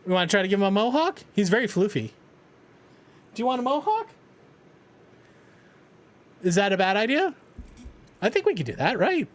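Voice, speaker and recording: A man's voice: sits high, sing-song, normal speed, long pauses. A man streaming live, chatting casually, joking, swearing and talking to his dog. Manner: playful, swears a lot, talks to his dog.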